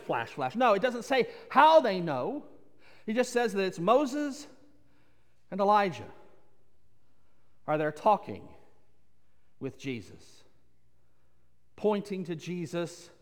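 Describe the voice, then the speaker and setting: A man with a high voice delivers a sermon, building his points through repetition and tossing in playful asides. His words ring out with a long reverb, as in a church. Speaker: pastor.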